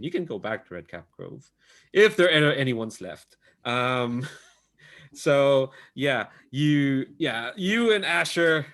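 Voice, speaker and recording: Man, game master, rambling casual narration, frequent laughs, middle pitch. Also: a bit bright. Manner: rambling, full of ums and likes, laughs often.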